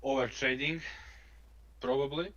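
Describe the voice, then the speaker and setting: A man speaking halting, broken English on a casual live stream, with frequent pauses. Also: medium pitch, fairly even intonation, pushed and bright, dull audio.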